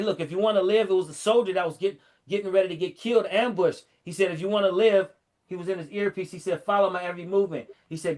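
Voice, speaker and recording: A middle-aged man in casual chat, animatedly retelling a story and acting out the lines in a lower voice. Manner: animated storyteller, fillers and restarts, acts out quotes in a lower voice.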